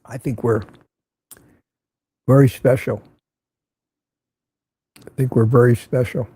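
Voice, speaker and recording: Chatty older man with a mellow, dry voice. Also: medium pitch, steady tone, slow, breathy edge. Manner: chatty, greets viewers by name, laughs often. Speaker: host of a morning live stream. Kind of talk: casual live-stream chat greeting viewers.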